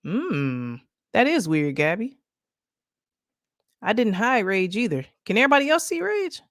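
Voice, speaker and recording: Reading stories and chat messages to her late-night livestream viewers, a woman from Michigan chats casually, laughs often and talks right to them. She has a mid-range voice with big pitch swings and a measured pace. Clean studio sound, no room sound.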